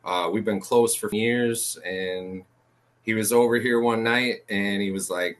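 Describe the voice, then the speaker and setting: A man's voice: lowish voice, steady tone, a little slow. A male guest in casual interview chat, laid-back and slangy, swearing freely.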